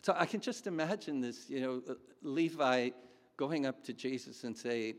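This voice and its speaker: A man's voice: medium pitch, animated, moderate pace. A man preaching a sermon in a chatty, storytelling way with fillers and asides. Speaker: pastor. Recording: long hall reverb.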